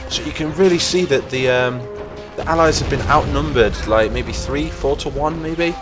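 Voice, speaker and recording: A young man narrates a strategy game battle in a loose, chatty way, getting excited at every skirmish. He talks into a desktop mic over loud game music and crackling gunfire. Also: on the high side, normal speed. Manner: excitable, reacting aloud to the battle. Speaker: gaming channel host. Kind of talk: casual gameplay commentary.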